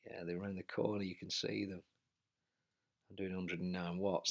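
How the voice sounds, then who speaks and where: A man's voice: deep voice, little pitch movement, moderate pace, gravelly, pauses often, muffled recording. A man commentating on his own indoor bike race as he rides, out of breath and urging himself on. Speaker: cycling vlogger. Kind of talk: live race commentary while riding.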